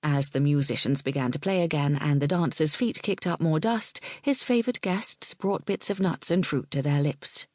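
A woman narrating an audiobook in a measured, expressive way that dips into whispers. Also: sits low, no room sound, studio quality.

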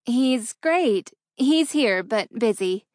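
A woman voicing a soft, hurt young fiancée. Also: fairly high pitch, normal speed, no room sound, studio quality, lightly acted. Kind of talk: audiobook character reading.

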